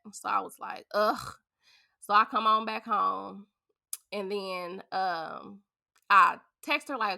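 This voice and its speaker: A woman from St. Louis, a podcast guest and beauty business owner, telling a story in a chatty, animated way. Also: mid-range voice, gravelly. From St. Louis, USA. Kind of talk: casual storytelling.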